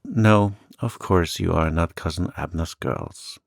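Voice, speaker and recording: A man's voice: low voice, unhurried, creaky, no room sound, studio quality. A man voicing a lonely, sweet little old lady who talks in a chirpy, eager, fluttery way. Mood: wistful.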